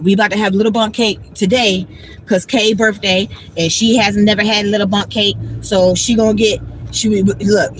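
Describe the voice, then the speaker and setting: A woman's voice: mid-range voice, a bit bright, a little hiss or hum, rough recording. A woman, blunt and talking about herself by name in a casual livestream monologue. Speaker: vlogger.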